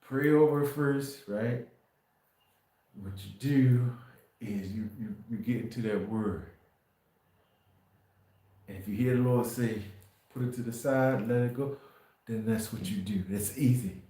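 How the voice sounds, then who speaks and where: Guy preaching on a live stream, rambly, goes soft then punchy, big echoey room. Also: on the low side, fairly even intonation, unhurried, long pauses. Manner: rambling, repeats words and restarts, swings from quiet to emphatic. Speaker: faith livestream host. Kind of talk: informal preaching on a livestream.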